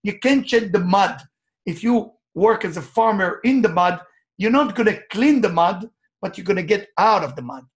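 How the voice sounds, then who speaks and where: A man who works as a life coach gives an emphatic motivational talk, telling personal stories in animated, non-native English phrasing. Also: sits high, moderate pace.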